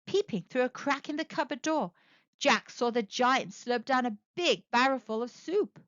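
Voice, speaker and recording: A woman reading a picture book aloud to children, narrating with expressive, animated storytelling. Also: sits high, moderate pace, no room sound, muffled recording. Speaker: storyteller, channel host.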